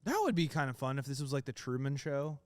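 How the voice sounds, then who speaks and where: A man's voice: mid-range voice, lively intonation, fast talker. A man co-hosting a comedy podcast, playful and teasing in casual chat. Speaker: podcast co-host.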